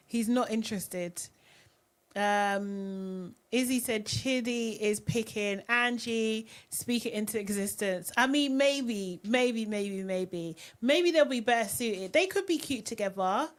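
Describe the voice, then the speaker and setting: A woman's voice: fairly high pitch, takes it slowly. A young woman hosting a casual live recap, chatty and giggly, reading viewer comments aloud. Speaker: live-stream host.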